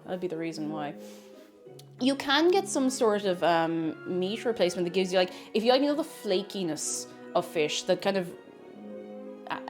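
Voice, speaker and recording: A woman's voice: mid-range voice, darkish tone. A woman with an Irish accent, chatty and self-mocking, thinking aloud as she cooks on a stream in her home kitchen. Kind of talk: casual cooking stream chat.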